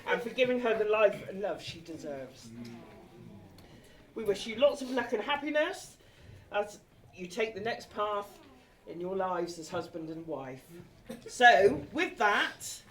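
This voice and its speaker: Medium-pitched and a little slow, this woman in her forties is making a wedding speech in a large hall. She's emotional and somewhat tipsy, laughing through tears and apologising along the way, captured on a distant mic with a lively crowd around her.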